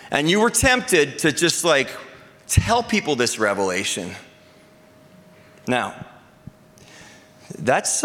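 A male pastor delivers a sermon in a loose, conversational manner, with jokes, asides and quick restarts. His voice sits a little high for a man. The sound carries the long reverb of a large church hall. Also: fairly bright tone.

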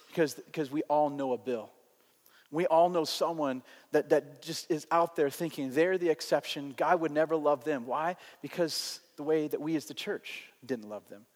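Pastor guy telling a story in a sermon, kinda high voice, swings lively to hushed, echo trailing in a big hall. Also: normal speed. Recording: long hall reverb.

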